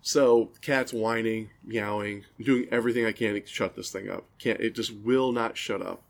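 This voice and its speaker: Low gravelly man telling stories. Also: fairly even intonation, normal speed. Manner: rambling storyteller, laughs at own stories. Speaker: podcast co-host. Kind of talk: casual chat.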